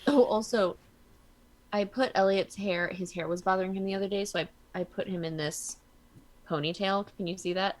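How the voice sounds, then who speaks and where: A woman hosting a casual gaming stream, chatting as she plays. She tells stories with lively energy and jumps from the game to everyday news. Her voice sits at an ordinary middle pitch. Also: moderate pace. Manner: chatty, animated storyteller. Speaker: streamer playing a card game. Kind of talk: casual chat while gaming.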